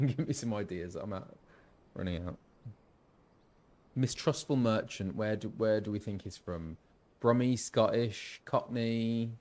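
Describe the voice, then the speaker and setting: A man's voice: fairly low pitch, darkish tone. A man streaming a video game and chatting casually with viewers, thinking aloud and laughing often. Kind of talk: casual live-stream chat.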